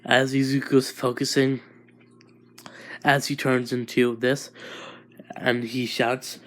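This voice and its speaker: A man's voice: mid-range voice, level tone, takes it slowly, pauses often, a bit bright. A man improvising a fan-fiction story, rambling with many restarts.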